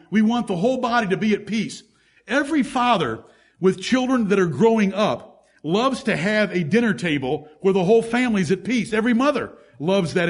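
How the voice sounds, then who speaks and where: Male pastor, husky, a bit high, emphatic sermon delivery. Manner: preaching, reading scripture aloud with emphasis.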